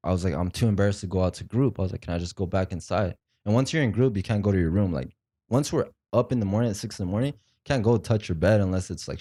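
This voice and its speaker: A young man with a fairly low voice tells a raw personal story in a loose, rambling way. He leans on slang, swearing and fillers as the memories come back. The sound is dry, with no room echo. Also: warm tone. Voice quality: profane, slangy speech. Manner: rambling, emotional retelling with frequent fillers. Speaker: podcast guest. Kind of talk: casual storytelling.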